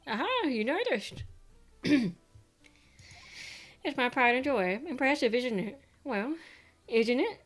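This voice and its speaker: A woman's voice: fairly high pitch, expressive, slow pace, pauses often, faint music behind, voice pushed up. Woman putting on a stuffy old lawyer guy, fussy and formal, dodging questions, game voice. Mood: proud. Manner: stuffy, formal, clears throat a lot. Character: pompous old male lawyer, fussy, evasive. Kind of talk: reading game dialogue aloud.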